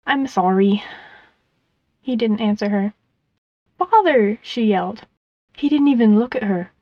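A woman narrating a story expressively, going softer in the sad passages. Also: mid-range voice, normal speed, dry recording, lo-fi sound.

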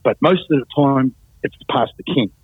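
A man's voice: mid-range voice, normal speed, slightly rough, dry recording. A man telling his life story in casual talk, acting out the voices of others and laughing often. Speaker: guest telling his testimony. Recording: tinny phone-like line, dry.

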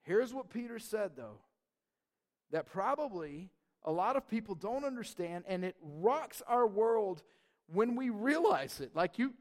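A man's voice: sits high, very animated, a little slow, a little mellow. A man preaching a sermon as a pastor, emphatic and conversational.

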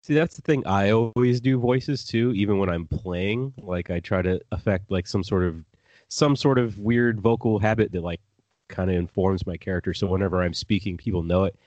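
Low-voiced, rambling male podcast host. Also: moderate pace, darkish tone, no echo, muffled recording. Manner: rambling, swears freely, laughs at his own stories. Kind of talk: casual chat.

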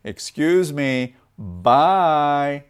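A rude tree monkey, as a storytelling man puts him on, brushing someone off with loud, stretched-out words. The voice sits fairly high and moves a lot. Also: sing-song, drawn-out words, clear, resonant tone, heavily acted. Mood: dismissive.

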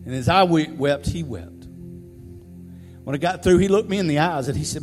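A male pastor telling a personal story in a conversational, animated sermon style. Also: fairly high pitch, moderate pace. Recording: reverberant hall, faint music.

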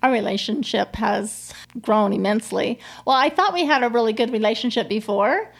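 A middle-aged woman telling a personal story as an interview guest, in a heartfelt, halting way with many restarts. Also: on the high side, creaky. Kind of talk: conversational interview.

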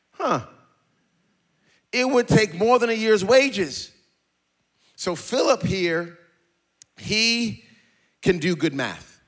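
High-voiced preacher in a sing-song cadence. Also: male voice, a bit bright, slightly rough. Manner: jokey asides with laughter. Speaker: pastor. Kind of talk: sermon. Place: church stage.

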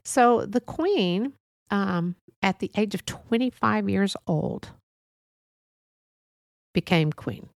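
A woman's voice: medium pitch, animated, slow, gravelly, long pauses, no echo, studio quality. A woman hosting a solo podcast, talking casually in a rambling, musing way with many fillers and restarts. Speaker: podcast host.

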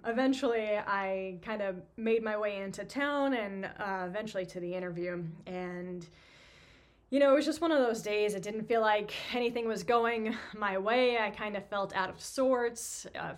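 New lady in her 30s, podcast host rambling through a story, lots of um and like, pokes fun at herself. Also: mid-range voice. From New York. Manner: chatty, self-deprecating, lots of fillers. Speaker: podcast host, physical therapist. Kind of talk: casual storytelling monologue.

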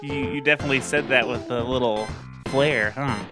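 A man's voice: medium pitch, moderate pace, music in the background. A man from Texas, co-hosting a casual gaming podcast, laughing often and swearing casually. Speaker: podcast co-host.

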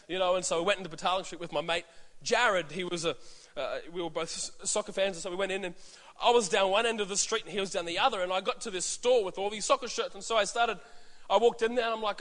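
A man's voice: high voice, fairly even intonation, fast, a bit bright. A man with an Australian accent, a pastor preaching a sermon and telling stories, acting out voices and restarting often. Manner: storytelling, acts out voices, many restarts. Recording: echoey hall reverb.

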